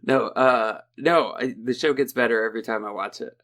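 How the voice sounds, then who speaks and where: A man's voice: mid-range voice, normal speed, a bit bright. A man chatting casually on a podcast. He rambles through jokes and stories and often breaks into laughter mid-sentence. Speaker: podcast regular. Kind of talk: casual chat.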